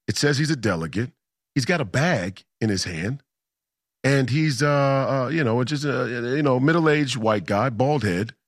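A man's voice: mid-range voice, expressive, measured pace, no echo, clean studio sound. A man in a casual storytelling monologue, emphatic and combative, repeating himself for effect. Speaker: political commentator.

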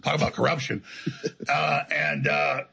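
A man's voice: fairly high pitch, a little slow, gravelly, sharp tone, breathy edge, low-quality recording. A man telling his story as an interview guest, in an emphatic, defiant, rambling way. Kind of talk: heated conversational storytelling.

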